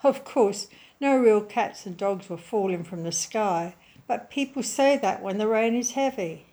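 Lady reading a kids' bedtime story, slow and gentle, nice clear words. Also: mid-range voice. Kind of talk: reading a children's story aloud.

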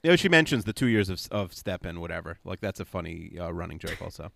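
A man co-hosting a podcast in casual chat, quick and dry, with a self-deprecating manner. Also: sits low, very animated, gravelly, fairly bright tone, no room sound. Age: adult, past young-viewer age. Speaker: podcast co-host.

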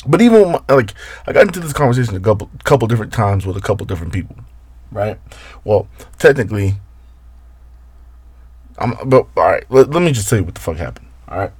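A man's voice: lowish voice, sing-song, brisk, long pauses, darkish tone, breathy edge, no echo. Profane, rambling man hosting a podcast. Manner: rambling, profane, talks straight to listeners. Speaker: podcast host. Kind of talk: casual solo podcast chat.

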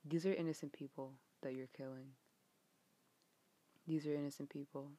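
A young American woman ranting in a frustrated, exasperated way, swearing often, her voice getting a bit hoarse. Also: very deep voice, level tone, normal speed, warm tone. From United States. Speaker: vlogger. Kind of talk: rant vlog.

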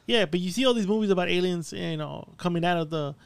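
High-voiced man, dry close sound. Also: fast talker, vocal fry, smooth, no room sound. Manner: laughs often, profane, riffs on conspiracy theories. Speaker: podcast co-host. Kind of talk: casual chat.

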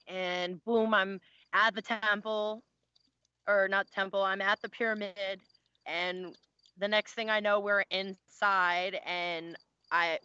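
Bright, rambling, profane woman telling a story. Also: mid-range voice, smooth, dry recording, highs cut off. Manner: profane, rambling, self-interrupting. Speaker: guest sharing a spiritual experience. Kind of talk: casual storytelling.

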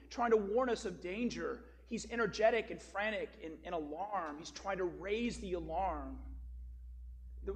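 A man's voice: high voice, a little hiss or hum. A man preaching a sermon as a pastor, telling a story and then explaining scripture with emphatic, rising stress on key words.

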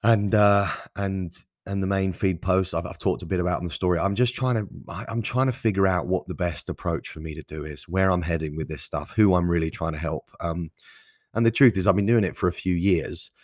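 A man's voice: low voice, brisk, no room sound, studio quality. A man hosting his own podcast, talking off the cuff in a rambling, self-deprecating way with casual swearing. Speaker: podcast host. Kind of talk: casual solo podcast monologue.

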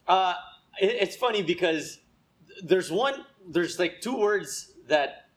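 A man's voice: on the high side, a bit bright. A young man, co-hosting a casual chat in a rambling, hesitant way. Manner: rambling, self-doubting, hesitant. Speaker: podcast co-host.

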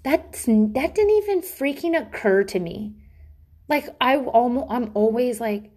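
A woman's voice: a little high, lively intonation, a little slow, a little mellow. A woman, a mother, talking casually to her audience in a rambling, profane, self-mocking way from a bathroom at home. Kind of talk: casual solo monologue.

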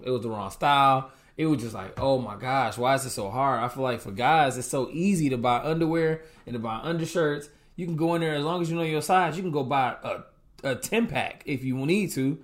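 A young man, a co-host and husband, tells a casual story at a brisk clip in a middle-pitched voice. The talk is loose and conversational as he acts out his own reactions and quotes people along the way.

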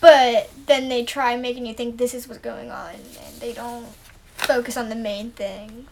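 Soft-spoken, slightly high-voiced woman, tentative movie podcast co-host. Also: fairly even intonation, unhurried. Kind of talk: casual movie review chat.

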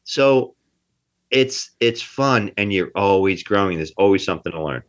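With a fairly low, expressive voice at a moderate pace, a man from New Jersey chats as an actor guest in a casual interview. He stresses his points and often repeats them, on a dull lo-fi recording.

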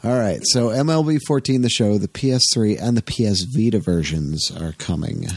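A man's voice: on the low side, moderate pace, slightly rough, dry recording. A man co-hosting a casual podcast, joking and teasing his partner. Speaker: podcast co-host.

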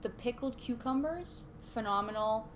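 Gushing young woman, slightly high. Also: normal speed, a little hiss or hum. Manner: enthusiastic, gushing, short reactions. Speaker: podcast co-host. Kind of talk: casual chat over a meal.

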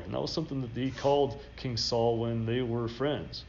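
A man's voice: mid-range voice, fairly even intonation, moderate pace, hardly any pauses. Lo-fi recording of a preaching man. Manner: reads scripture aloud with rising emphasis. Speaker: pastor. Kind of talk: expository sermon.

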